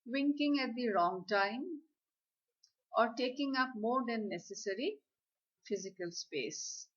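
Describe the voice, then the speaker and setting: A woman giving a slide lecture on communication skills, speaking in a deliberate, instructive way. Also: a little high, expressive, slightly rough. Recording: slightly dull, lo-fi audio.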